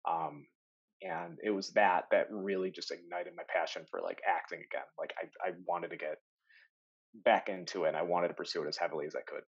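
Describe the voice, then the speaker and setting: A man who works as an actor, telling stories in a casual podcast chat, animated, laughing often and full of fillers. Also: low-pitched, a little fast, creaky, breathy edge, highs cut off. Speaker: actor guest.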